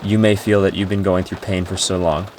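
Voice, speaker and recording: A man with a lowish voice speaks earnestly and emotionally about trusting God, in a personal vlog. He sounds tearful and raw and rambles with restarts. Soft rain and faint noise sit behind him. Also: level tone, a little fast. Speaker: Christian vlogger. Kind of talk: personal faith talk to camera.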